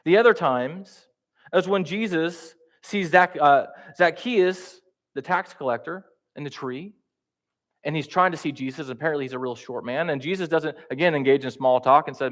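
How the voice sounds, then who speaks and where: A man preaching in a church with a slightly high voice. His delivery is relaxed and conversational, and he keeps it light with humor, acting out the voices he quotes. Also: moderate pace. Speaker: pastor teaching a class. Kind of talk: sermon.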